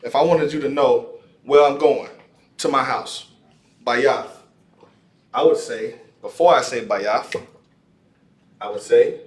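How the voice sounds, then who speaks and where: A man leads a classroom lesson, repeating each word and stopping to ask "all right?" His voice sits at an ordinary middle pitch. It is picked up from a distance in a roomy, echoing space. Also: unhurried, long pauses. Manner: repetitive, checks in with "all right?". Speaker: language class teacher. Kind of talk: classroom teaching. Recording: echoey room, far from mic.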